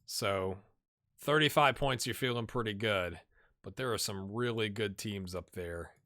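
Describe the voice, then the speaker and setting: A man's voice: lowish voice, measured pace, sharp tone. A man hosting a gaming channel, giving casual gameplay commentary, chatty and muttering asides to himself.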